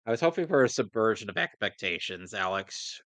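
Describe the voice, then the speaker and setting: A man's voice: lowish voice, big pitch swings, brisk, a bit bright, dry recording. A man riffing on a film with a co-host, making sarcastic quips at the screen. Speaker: movie commentary co-host. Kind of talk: casual movie riffing commentary.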